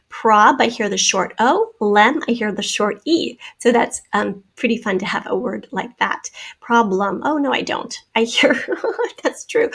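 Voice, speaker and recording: A woman's voice: a little high, creaky, husky. A woman teacher giving a spelling lesson to children, patiently sounding out syllables and explaining vowel sounds.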